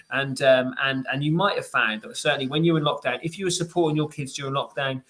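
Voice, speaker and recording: A man's voice: on the high side, sharp tone. A man, giving a chatty, upbeat live online lesson for parents, full of fillers and restarts. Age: 40s. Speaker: private tutor.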